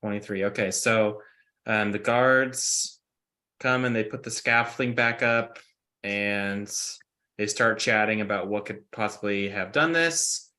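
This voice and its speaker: Bright-voiced man running a tabletop game. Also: fairly low pitch, a little slow. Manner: casual, many fillers, describing scenes. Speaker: game master.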